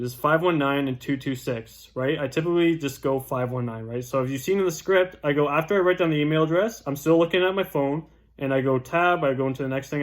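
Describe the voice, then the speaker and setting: A young man casually teaching door-knocking scripts as a real estate agent, tagging his points with "right?". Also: fairly high pitch. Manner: chatty, keeps asking "right?". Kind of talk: casual instructional talk.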